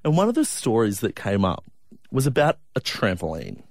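A man co-hosting a radio chat, his pitch bouncing about as he tells stories. The sound is dry and close on a studio mic. He laughs easily. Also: wildly swooping pitch, normal speed, no echo. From Australia. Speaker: radio co-host. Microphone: studio microphone.

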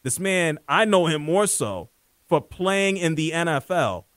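Male sports talk host: high, joking, opinionated, dry close mic. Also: expressive, measured pace, fairly bright tone, dry recording.

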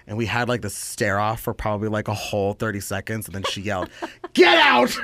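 A man's voice: on the low side, level tone, fast talker, fairly bright tone, no echo. A young man in casual chat, telling a long story full of filler words and acting out other people's lines. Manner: rambling storyteller, many filler likes, acts out voices. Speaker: podcast co-host.

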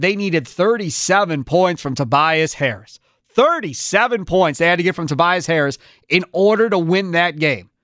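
Guy hosting sports talk, high voice that jumps all over, dry close sound, opinionated. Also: no room sound. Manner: animated, opinionated, talks through quick restarts. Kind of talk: sports betting talk show.

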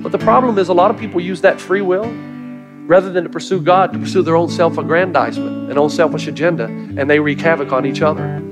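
A man's voice: fairly high pitch, fast, over loud music. A middle-aged male pastor preaching a sermon to a live congregation, telling stories earnestly with light humor. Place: church before a live congregation.

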